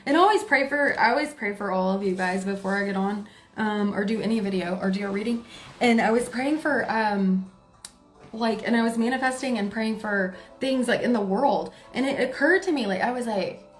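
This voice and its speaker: Woman, higher voice, forceful and excitable tarot reader, roomy echo, faint music underneath. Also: moderate pace. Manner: forceful and excitable, laughs often. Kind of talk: casual tarot reading to camera.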